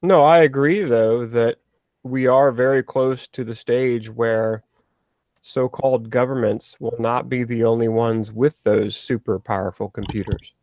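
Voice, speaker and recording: A man guesting on a casual podcast, talking in a measured, hedging way. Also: mid-range voice, steady tone, a little mellow, no echo, highs cut off. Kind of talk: casual discussion.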